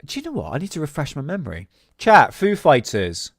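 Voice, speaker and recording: A man's voice: fairly high pitch, huge pitch swings, brisk, gravelly, dry recording, studio quality. A man hosting a casual solo talk, rambling with many fillers and restarts. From England. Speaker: host.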